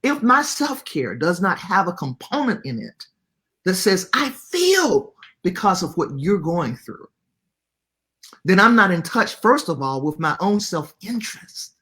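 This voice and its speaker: A woman's voice: lowish voice, sing-song, measured pace, fairly bright tone, breathy edge. A woman guest speaking earnestly, with a preacher-like emphasis. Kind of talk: conversational discussion.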